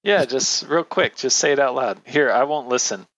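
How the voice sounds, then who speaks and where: A man's voice: medium pitch, moderate pace, a bit bright, dry recording. A man guesting on a casual podcast, speaking in a playful, teasing way. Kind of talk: casual group chat. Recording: slightly dull lo-fi mic.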